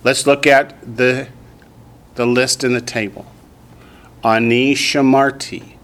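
A man with a Southern US accent teaching a language class in a classroom, drilling students slowly and patiently. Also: mid-range voice, level tone, a bit bright. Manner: slow, patient drilling with repetition. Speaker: Hebrew teacher.

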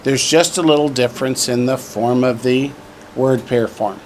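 A man's voice: mid-range voice, a little hiss or hum. A man teaching a Hebrew class, drilling word forms for the students to repeat and slipping in jokes. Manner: slow, drawn-out drilling of words for repetition; joking asides. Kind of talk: classroom lesson.

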